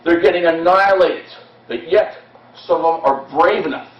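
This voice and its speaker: A man with a fairly high voice tells a battle story to an audience, passionate and dramatic, speeding up and slowing down as he goes. He is heard from a distance in an echoey hall. The recording sounds dull and lo-fi. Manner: impassioned storytelling, shifting pace. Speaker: history presenter. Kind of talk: dramatic history talk to an audience. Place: hall at a historical society event.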